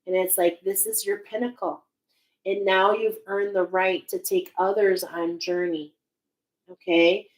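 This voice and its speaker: A woman's voice: lowish voice, steady tone, unhurried, rough recording. A woman giving a spiritual oracle card reading, speaking in a searching, emotional way with many restarts.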